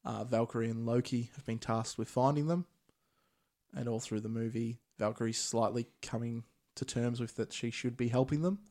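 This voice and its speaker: A man casually recapping a film plot as podcast host, relaxed and chatty. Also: medium pitch, moderate pace. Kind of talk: casual movie recap chat.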